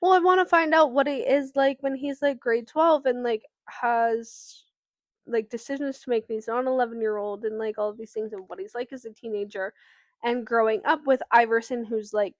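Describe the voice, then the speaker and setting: A woman's voice: fairly high pitch, fairly even intonation, normal speed, no echo. A woman co-hosting a podcast, recapping a novel's plot in casual chat with fillers and some swearing. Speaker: podcast co-host. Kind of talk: casual book discussion.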